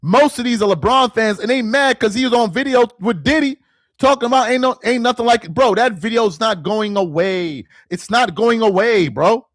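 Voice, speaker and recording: In this dry recording, a sports commentary host with a very high-pitched voice speaks at a moderate pace. He rants to camera in an exasperated way, repeating the same phrases repeatedly to make his point.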